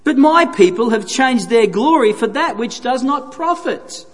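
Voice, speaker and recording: A man's voice: very high voice, expressive, a little slow, few pauses. A man preaching a sermon, earnest and emphatic, repeating phrases for stress. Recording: reverberant hall.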